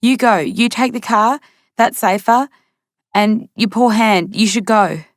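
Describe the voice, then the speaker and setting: A woman's voice: on the high side, a little slow, dry recording, studio quality, pitched above the performer's own voice, lightly acted. A woman voicing a jittery, anxious young man who pleads tensely.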